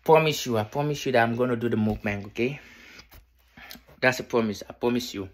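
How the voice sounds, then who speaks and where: A tired young man vlogging from his bedroom at night, keeping his voice low and repeating himself. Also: fairly quick. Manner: tired, quiet near-whisper, repetitive. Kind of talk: casual vlog talk to camera.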